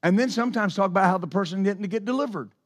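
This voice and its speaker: A man preaching a sermon, telling stories in an animated way with sudden exclamations. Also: high voice, fast talker. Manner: animated storytelling with bursts of exclamation. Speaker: pastor.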